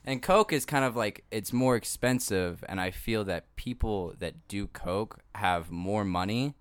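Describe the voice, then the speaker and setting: A young man in casual podcast chat, making dry, measured remarks. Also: fairly low pitch, smooth, no room sound.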